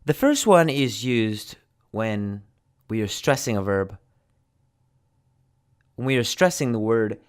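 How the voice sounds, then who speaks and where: A man with an American accent, teaching English pronunciation slowly and repeating each example. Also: on the low side, big pitch swings, clean tone. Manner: slow, deliberate, repeats examples. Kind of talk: pronunciation lesson.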